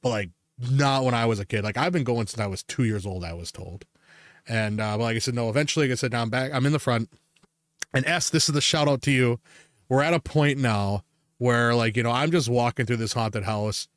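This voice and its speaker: A man's voice: medium pitch, brisk, no room sound, clean studio sound. A man hosting a podcast, telling stories in a rambling, profane way and laughing often. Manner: rambling storyteller, swears freely and laughs a lot. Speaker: podcast host. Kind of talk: casual chat.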